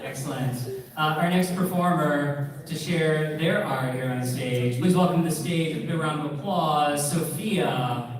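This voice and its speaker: A man with a somewhat high voice emcees a live show, joking with his co-host before bringing up the next act. His voice rings through a big echoey hall over a loud crowd. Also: measured pace, distant mic. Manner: playful, teasing co-host. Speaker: event emcee. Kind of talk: casual stage banter and introductions. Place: large event hall.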